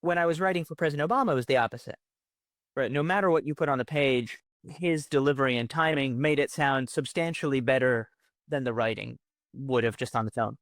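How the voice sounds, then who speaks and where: A man's voice: mid-range voice, a little fast, fairly bright tone, no room sound. A man, a former speechwriter, explaining how jokes work in an interview, often ending points with rhetorical questions. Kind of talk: interview recollection.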